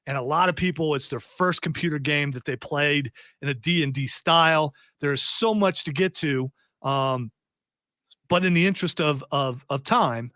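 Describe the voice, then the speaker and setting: A man's voice: on the high side, moderate pace, sharp tone, dry recording, studio quality. A man hosting a radio talk show, chatting casually with a rambling, restarting way of talking. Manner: rambling, many restarts and fillers. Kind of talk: casual group chat on radio. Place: radio studio.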